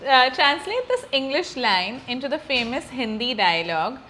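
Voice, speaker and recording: A woman hosting a podcast, upbeat and giggly as she runs quick games with a guest. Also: sits high, sing-song, bright, forceful tone, a little hiss or hum. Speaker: podcast host. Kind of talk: casual podcast chat.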